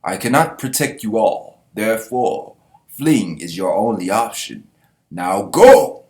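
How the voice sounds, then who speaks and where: A man voicing a solemn armored skeleton knight in a put-on accent, speaking slowly and gravely. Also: lowish voice, lively intonation. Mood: commanding. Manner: puts on an accent, slow and grave.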